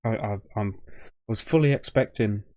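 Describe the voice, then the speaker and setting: A man's voice: lowish voice, normal speed, mellow, no room sound, clean studio sound. A young man hosting a reaction video, choked up with a shaking voice, rambling and stumbling over his words in casual commentary.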